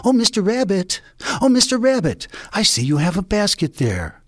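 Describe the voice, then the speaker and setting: A man voicing an eager woman gardener in a folk tale, calling out with excitement. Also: fairly high pitch, moderate pace, slightly rough, no room sound, studio quality.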